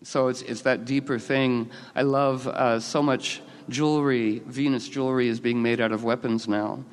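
A man telling rambling, expressive stories, with many fillers and restarts. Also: medium pitch, normal speed, clear, resonant tone. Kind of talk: casual storytelling talk. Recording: long hall reverb.

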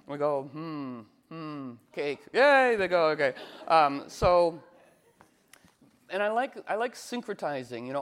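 A man talking in a meandering casual monologue as an astrologer, full of fillers and restarts, animated and playful. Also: mid-range voice. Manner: animated, slips into playful cooing voices.

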